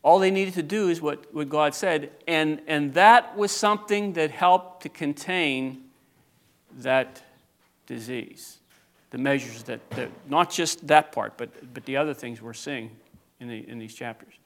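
A man preaching a sermon and reading scripture aloud, building from slow teaching to loud, fervent preaching. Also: fairly high pitch. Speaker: pastor.

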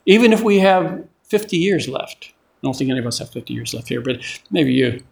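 A man's voice: medium pitch, animated, brisk, vocal fry. An older man preaching a sermon in a conversational way, often repeating and restarting his words.

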